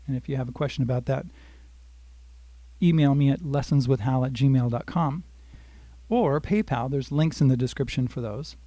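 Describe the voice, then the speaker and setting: An older man at medium pitch and moderate pace leads a live-streamed guitar lesson. He explains chords and strum patterns, chats with viewers by name, and softly sings lines. The recording is dry, with guitar playing beneath his speech.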